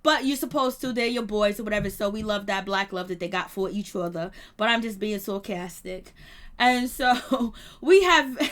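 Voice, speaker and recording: A woman's voice: medium pitch, normal speed. A woman hosting a live show, recapping a reality episode in slang-heavy casual talk, acting out quotes and laughing often. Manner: animated retelling, acts out quotes, frequent laughter. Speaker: YouTube show host reviewing reality TV. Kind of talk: live-stream commentary chat.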